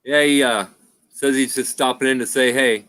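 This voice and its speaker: A middle-aged man with a bright, forceful voice hosts a home livestream. He rambles through road stories, peppers his talk with "freaking" and laughs often. The delivery is loose and chatty. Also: mid-range voice, steady tone, normal speed, dry recording. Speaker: livestream host. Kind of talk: casual chat and storytelling.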